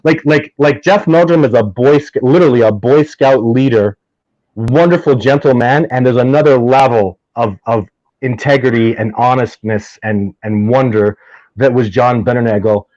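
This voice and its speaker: Excitable man telling rambling stories. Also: medium pitch, moderate pace, no room sound, highs cut off. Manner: enthusiastic, rambling, often restarts, gets heated. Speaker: guest, Sasquatch researcher. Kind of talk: casual interview storytelling.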